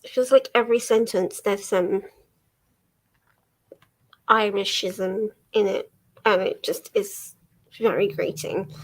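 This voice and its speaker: An English young woman hosting a book livestream, chatting casually with many ums and small laughs. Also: medium pitch. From England. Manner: chatty, rambling, lots of ums and little laughs. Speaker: book vlogger hosting a reading sprint. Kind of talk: casual chat to a livestream audience.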